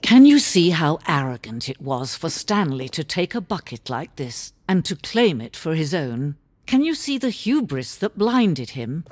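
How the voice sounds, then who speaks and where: A wry omniscient game narrator. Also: male voice, on the high side, dry recording. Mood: mock-solemn. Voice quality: measured, dryly ironic, mock-grave. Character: wry, omniscient male narrator, mock-solemn.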